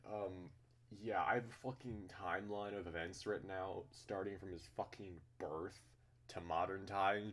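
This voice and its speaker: A deep-voiced man delivering let's play commentary as he plays a visual novel. He reacts excitably and swears heavily throughout. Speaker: gamer playing a visual novel.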